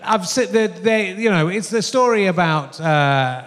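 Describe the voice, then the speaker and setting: A man's voice: sits high, unhurried, fairly bright tone, a little hiss or hum. A man hosting a podcast interview, chatty and rambling, laughing often as he talks. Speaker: podcast host. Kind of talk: casual live podcast interview. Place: theatre stage before an audience. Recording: long hall reverb from a live theatre.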